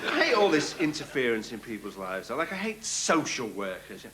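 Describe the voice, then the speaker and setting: A man's voice: mid-range voice, big pitch swings, moderate pace, a loud crowd. A man with a Liverpool accent doing a sardonic, ranting stand-up comedy monologue. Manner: ranting, sardonic, shouting bursts. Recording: loud studio audience and noise.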